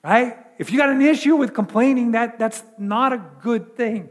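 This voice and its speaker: A man's voice: very high-pitched, moderate pace, in a large hall. A male pastor preaching a sermon in a chatty way, full of repeated words and rhetorical questions.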